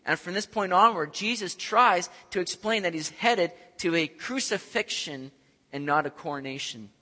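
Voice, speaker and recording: A man preaching a sermon, animated, acting out scenes and swinging from loud to soft. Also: high-pitched. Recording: echoey hall.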